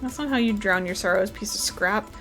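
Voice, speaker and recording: A woman voicing a dry, sardonic young female bartender in a fan dub, teasing in a low-key, deadpan way. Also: brisk, faint music behind, close to an everyday voice.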